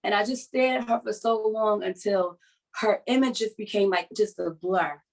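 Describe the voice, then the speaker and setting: A woman speaks over a video call in a middle-pitched voice, earnest and halting as she shares something personal. She is a writer hosting a support session, and her telling is confessional and unhurried. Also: poor audio.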